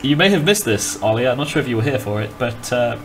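A man's voice: medium pitch, animated, quick pace, a crowd in the background, rough recording. A man running a tabletop game as game master, wry and exasperated, laughing often.

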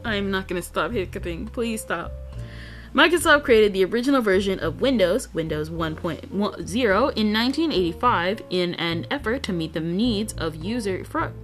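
Woman reading a textbook, stumbling often. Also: mid-range voice. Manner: stumbling over words and correcting herself. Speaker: streamer. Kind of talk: reading a textbook aloud on stream. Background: faint guitar music.

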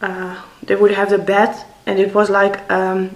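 A woman's voice: mid-range voice, completely flat delivery, a little slow, roomy sound, low-quality recording. A middle-aged Dutch woman speaking English with a Dutch accent, chatting hesitantly as she shows her cross-stitch projects at home. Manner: chatty, hesitant, many fillers. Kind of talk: casual show-and-tell.

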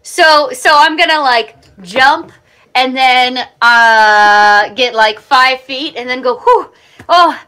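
A woman's voice: high-pitched, fairly even intonation, bright, forceful tone, clean tone. A woman playing a tabletop game, playful and giggly as she talks through her moves. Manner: playful, giggly, drawn-out delivery. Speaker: player.

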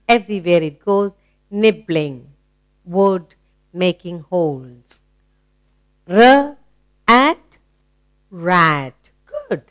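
A woman teaching phonics to children, sounding out letters and praising answers. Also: a little high. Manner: slow, encouraging, sounds out letters.

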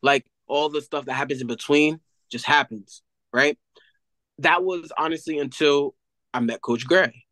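A young man, an athlete guest, telling a story in an animated casual way with many fillers. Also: fairly high pitch, a little slow, no echo, rough recording.

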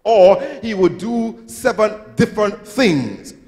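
A man's voice: high voice, animated, slow, darkish tone. A male pastor preaching a sermon in a church, with sing-song swells and acted-out quotes. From Trinidad and Tobago. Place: church sanctuary. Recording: reverberant church hall.

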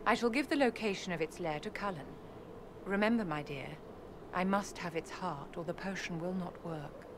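A woman's voice: fairly low pitch, moderate pace, natural voice. A haughty court enchantress voiced by a woman. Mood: regal, aloof. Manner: formal, stately and condescending diction. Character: haughty female court enchanter, poised, imperious, secretive. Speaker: game character. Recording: game audio with background noise.

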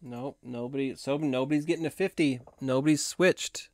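A hoarse man hosting a casual live stream, chatting in a rambling way and laughing often. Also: mid-range voice, moderate pace, darkish tone, dry recording. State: hoarse from long talking.

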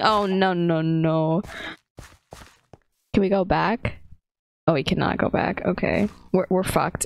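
Her voice is mid-range and gravelly, captured with no echo. A female gaming video creator, she narrates her play casually, laughing constantly in giggly bursts and yelping in mock panic.

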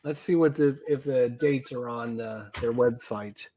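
A man hosting a casual live stream, chatty and quick to tease his co-host. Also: mid-range voice, dark tone.

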